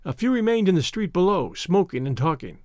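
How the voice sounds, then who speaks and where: A man reading an adventure novel aloud as an audiobook narrator. His voice sits fairly high and moves a lot, and the recording is dry and close, with no room sound. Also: very animated, a little fast, a little mellow, no echo. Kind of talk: scripted narration.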